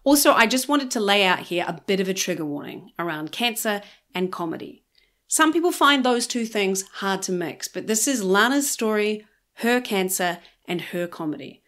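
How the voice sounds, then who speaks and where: A woman's voice: mid-range voice, fairly bright tone. A woman in her forties with a New Zealand accent, hosting a podcast in a playful, theatrical way. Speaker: podcast host. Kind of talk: casual chat.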